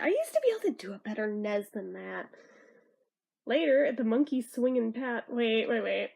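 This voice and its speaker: High-voiced woman doing an animated fan read-through. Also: moderate pace, vocal fry, husky. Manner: animated, swearing, laughing asides; reads characters' lines in a loose, plain voice. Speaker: fan reviewer reading a comic aloud. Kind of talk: casual comic read-through.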